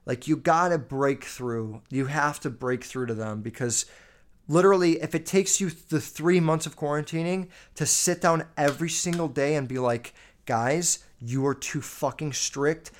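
A man's voice: on the high side, normal speed. A man in his twenties hosting a solo podcast, ranting bluntly with heavy swearing and lots of fillers. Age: 20s. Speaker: podcast host. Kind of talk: casual solo podcast rant.

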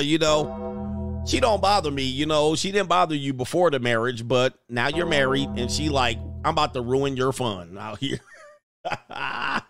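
Joking man reacting to clips. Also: medium pitch. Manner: joking, animated, laughs often, slang-heavy. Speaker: commentary host. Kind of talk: casual reaction commentary.

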